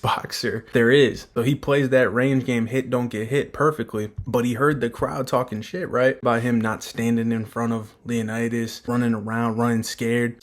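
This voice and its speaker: A man giving a casual, slangy and profane breakdown of a manga chapter as a commentator. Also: mid-range voice.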